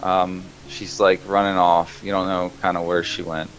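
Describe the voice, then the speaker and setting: A man's voice: sits low, level tone, normal speed, fairly bright tone, faint music behind. A man running a tabletop game as game master, narrating loosely with many fillers. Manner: loose, rambling, lots of fillers.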